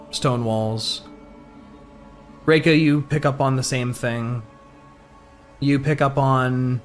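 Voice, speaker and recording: Brief: male game master, unhurried and thoughtful, plain middle voice. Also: medium pitch. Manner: halting, thoughtful narration. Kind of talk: narrating a tabletop game.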